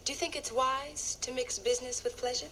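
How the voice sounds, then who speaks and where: A woman's voice: high-pitched, fairly even intonation, a little fast, a bit bright. A poised, polite businesswoman. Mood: puzzled. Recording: TV clip with clear background noise.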